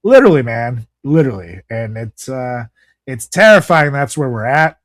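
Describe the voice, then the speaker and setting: A man's voice: mid-range voice, big pitch swings, normal speed, dry recording. A man co-hosting a podcast, ranting casually and sarcastically about the news with lots of swearing. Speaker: podcast co-host.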